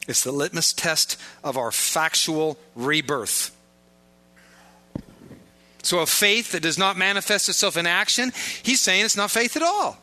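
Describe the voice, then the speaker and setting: A man's voice: high-pitched, expressive, measured pace, bright, forceful tone. A man preaching a sermon as pastor, joking and informal in asides, pressing his points with emphatic repetition.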